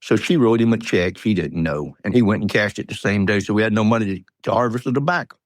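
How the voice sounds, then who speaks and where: A Southern-accented man in his eighties from Georgia, USA, is an interview guest telling folksy, rambling stories and chuckling along. His voice is fairly low and quick, recorded cleanly in a studio with no echo.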